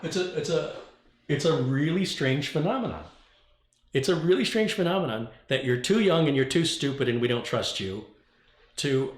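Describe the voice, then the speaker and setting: A man hosting a casual tech stream, telling a story in an animated, ranting way. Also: mid-range voice, moderate pace, reverberant. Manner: ranting, animated storytelling with mock quoted voices. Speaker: tech YouTuber host. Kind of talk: casual livestream chat.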